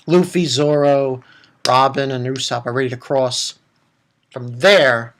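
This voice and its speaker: A man reviewing an anime episode in a rambling, excitable way, stumbling over names and jumping up into high squeals. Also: measured pace.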